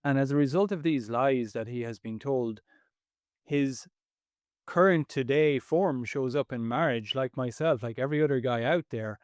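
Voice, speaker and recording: Male podcast co-host, earnest and emphatic, mid-pitched, dry close sound. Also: normal speed, a little mellow, no room sound. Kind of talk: reflective podcast talk.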